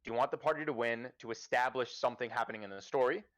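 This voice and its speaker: A man's voice: medium pitch, very fast, a bit bright. A man hosting a casual livestream chat, giving profane, emphatic advice as a game master. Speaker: podcast host and dungeon master.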